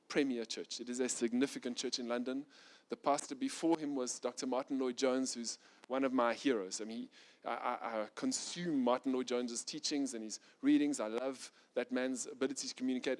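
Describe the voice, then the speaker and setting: Preaching a sermon, this middle-aged pastor moves from urgent, loud stretches to hushed, gentle moments. When the intensity builds, his animated delivery gets fast and loud, then sinks back to soft and low.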